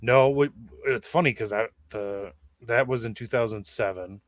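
A man's voice: medium pitch, normal speed, dry recording. A young man co-hosting a podcast, speaking in a hesitant, reflective way with many fillers. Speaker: podcast co-host. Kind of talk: casual conversation.

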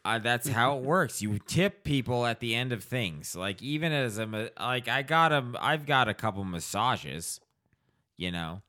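A man's voice: mid-range voice, a little slow. A man co-hosting a casual podcast chat, swearing freely and acting out little scenes as he tells stories. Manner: profane, animated storytelling with acted-out voices.

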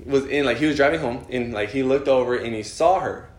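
A man's voice: medium pitch, a little fast, echoey room. A young man telling a story in casual chat, rambling with lots of fillers and swearing. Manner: rambling, swears a lot, many "like" fillers, laughs while telling.

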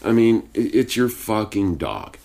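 Deep-voiced man telling profane stories. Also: sing-song, a little slow, creaky, darkish tone. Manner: profane, storytelling, laid-back drawl. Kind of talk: casual chat. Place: home studio with sound blankets.

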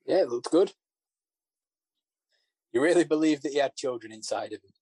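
A man co-hosting a podcast, giving measured film opinions with frequent uhs and you knows. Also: fairly high pitch, animated, mellow, breathy edge, no echo. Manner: measured, hesitant, many uh and you know. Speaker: podcast co-host. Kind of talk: casual film discussion.

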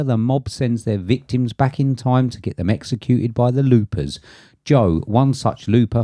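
A man's voice: mid-range voice, mellow, no room sound, studio quality. A man, co-hosting a casual film chat in a jokey, sweary way. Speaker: podcast co-host.

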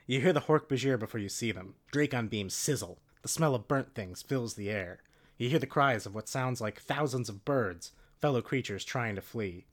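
A man's voice: mid-range voice, normal speed. Man casually reading a storybook aloud. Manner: laughing, joking asides. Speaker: reader.

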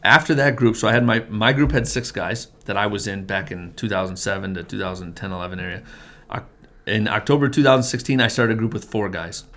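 A middle-aged man with a slightly low voice tells his story in a relaxed, conversational way. He speaks earnestly, as a family pastor who leads men's groups. He often doubles back, restarting sentences and repeating words. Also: gravelly. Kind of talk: casual testimony in conversation.

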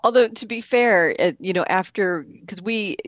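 Higher-voiced man, chatty, slightly dull sound. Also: normal speed, a bit bright, no echo. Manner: chatty, swears, laughs easily. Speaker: podcast co-host. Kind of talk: casual chat.

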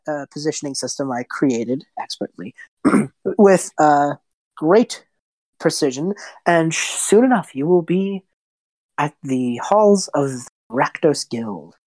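A smug male inventor mage, put on by a woman running a tabletop game, praising his own genius. His voice sits low and deep. The sound is dry and close. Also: a little mellow, no echo.

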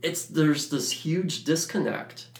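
A man from Detroit who speaks as a podcast guest in halting, casual conversation and often searches for his words. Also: on the high side. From Detroit, USA. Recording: roomy echo.

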